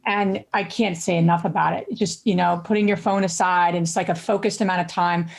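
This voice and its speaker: A woman co-hosting a podcast, telling a story in an eager, chatty and animated way. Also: fairly low pitch, brisk, creaky. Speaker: podcast co-host. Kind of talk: casual podcast chat.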